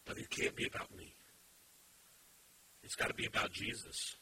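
A man preaching a sermon as pastor, emphatic, swinging from quiet asides to loud shouted points. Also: moderate pace. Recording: steady background hiss.

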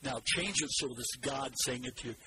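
A man preaching a sermon, animated and leading the congregation in repeating scripture after him. His voice sits at an ordinary middle pitch. A heavy wash of background noise runs under the whole recording. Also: fairly quick.

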